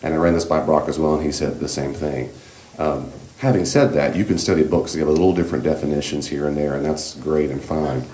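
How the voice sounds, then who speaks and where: A man leading a church class on grief, speaking in a gentle, reassuring, conversational way with many fillers. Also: very deep voice, a little fast, hardly any pauses, roomy sound. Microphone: room microphone.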